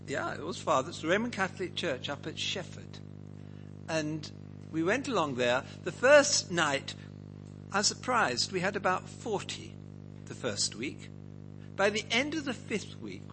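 A man's voice: fairly high pitch, poor audio. A man teaching a Bible passage to a group, asking them questions and acting out quotes. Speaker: preacher leading a Bible study.

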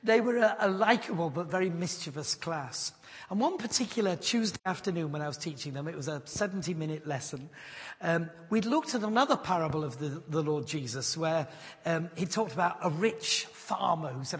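Earnest preacher in a reverberant hall. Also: male voice, on the high side, brisk, slightly rough. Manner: earnest, pleading. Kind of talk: sermon with personal story.

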